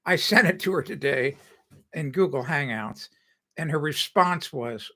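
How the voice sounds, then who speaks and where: An older man talks casually through a home improvement live stream, drifting between stories and correcting himself as he goes. His voice is bright and forward, sitting a little high for a man, and he laughs often. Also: lively intonation, unhurried. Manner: rambling, chatty, laughs often, self-correcting. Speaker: home improvement show host.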